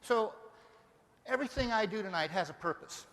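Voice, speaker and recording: A man from Denver giving a live motivational seminar, energetic and firing rhetorical questions at the audience. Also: high-pitched, moderate pace. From Denver, Colorado. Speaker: motivational speaker. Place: large seminar hall. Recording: long reverb of a live hall.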